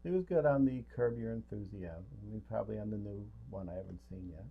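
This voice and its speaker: A man co-hosting a casual chat show, chatty and quick to chuckle. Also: lowish voice, creaky, slight background noise. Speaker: co-host. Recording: dull lo-fi sound.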